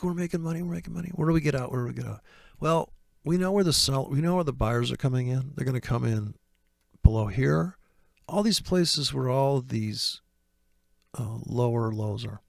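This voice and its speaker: Speaking with a fairly high pitch and some vocal fry, a man teaches his way through trading charts in a clean, echo-free studio recording. His style is sarcastic and sardonic, full of free swearing and mock dialogue.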